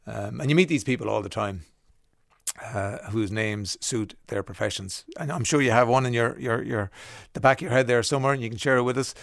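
A man's voice: mid-range voice, fairly quick, gravelly, fairly bright tone, no room sound, clean studio sound. An Irish man presenting a radio show in a chatty, casual way, reading out listener messages. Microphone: studio mic.

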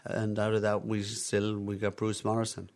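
Deep-voiced Irish man telling stories. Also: completely flat delivery, normal speed, a little mellow. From Ireland. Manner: talkative, anecdotal, frequent restarts. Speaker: interview guest, emigrant bar owner. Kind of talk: reminiscing conversational storytelling.

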